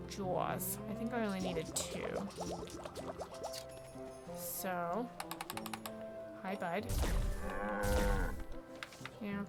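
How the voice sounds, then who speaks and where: A woman casually commenting to herself while playing a video game, with game music behind her. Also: medium pitch. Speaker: streamer. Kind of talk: casual let's-play commentary.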